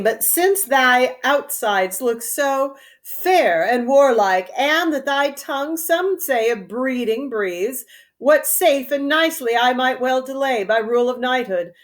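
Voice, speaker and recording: A woman reading the part of a vengeful young nobleman who challenges his treacherous brother, in a slow, declamatory verse reading. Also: sits high. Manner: declamatory, deliberate.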